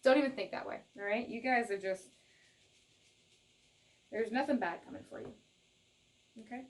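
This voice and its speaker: A young adult woman from Canada giving a casual tarot reading straight to viewers, laughing often and repeating herself in her excitement. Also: on the high side, moderate pace. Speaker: tarot reader.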